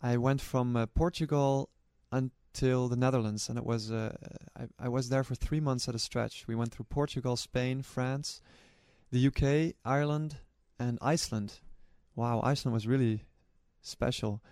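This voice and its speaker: A man speaks at an ordinary pitch for his sex, with an earnest, storytelling manner, often restarting his sentences as he thinks. His voice is close and dry, with no room echo. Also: steady tone, normal speed, darkish tone, clear, resonant tone. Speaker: charity relay runner and organizer. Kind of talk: personal recollection to camera.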